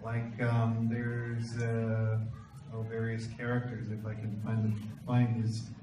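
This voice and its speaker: A man co-author taking audience questions at a live panel, speaking slowly and stopping often to find his words. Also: mid-range voice, monotone. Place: large event room with an audience. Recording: echoey room, distant mic, faint noise.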